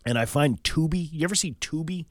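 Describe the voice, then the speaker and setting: A man's voice: on the high side, brisk, no room sound, studio quality. A man co-hosting a morning radio show, chatting loosely and laughing easily as he jumps between topics. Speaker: radio co-host. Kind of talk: casual morning radio banter. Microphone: studio microphone.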